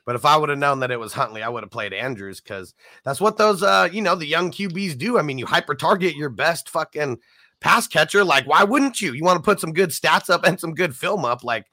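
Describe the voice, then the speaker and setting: Male sports podcast host, talky and stat-driven, bright and dry close sound. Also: on the high side, animated, a little fast, dry recording. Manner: chatty, stat-heavy, filler-laden. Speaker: fantasy football podcast host. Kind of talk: casual sports chat.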